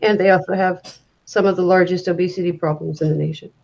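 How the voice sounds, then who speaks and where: A man's voice: high-pitched, steady tone, fast, gravelly, darkish tone. A man in casual livestream banter, speaking matter-of-factly and stammering through restarts. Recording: dull lo-fi mic.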